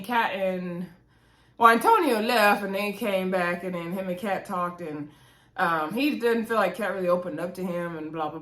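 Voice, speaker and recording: A woman vlogger walks her viewers through a reality show episode in a chatty, animated way. Her voice sits at a medium pitch. The recording has a noticeable roomy echo. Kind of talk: casual recap chat.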